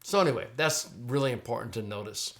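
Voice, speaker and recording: A middle-aged man talking through a Greek text on his screen, like a teacher at his desk. He speaks casually and conversationally, repeating words and restarting his phrases, with a plain, mid-pitched voice. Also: fast talker, fairly bright tone.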